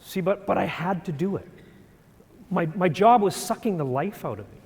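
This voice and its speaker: A middle-aged man giving a storytelling talk on stage, animated and self-deprecating. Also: sits high, moderate pace, creaky. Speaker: speaker. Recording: long hall reverb.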